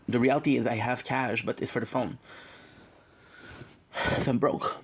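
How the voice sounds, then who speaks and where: Male livestreamer with a mid pitch, confessional and rambling, emotional, self-correcting. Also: fairly even intonation, moderate pace, breathy edge.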